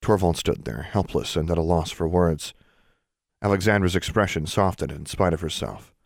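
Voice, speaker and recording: Deep-voiced man narrating a story. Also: moderate pace, creaky, dry recording, studio quality. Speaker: audiobook narrator. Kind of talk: scripted narration.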